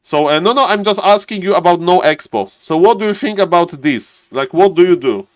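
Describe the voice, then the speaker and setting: A man's voice: high-pitched, expressive, brisk, dry recording. A man chatting casually on a live stream, greeting viewers by name and thinking aloud as he waits for a match. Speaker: streamer and caster.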